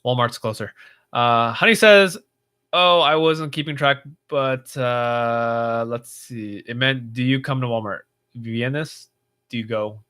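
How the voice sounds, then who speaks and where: A man's voice: mid-range voice, takes it slowly, sharp tone, clean tone. A man hosting a casual livestream, reading viewer comments aloud and chatting in a rambling way with lots of fillers. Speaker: livestream host.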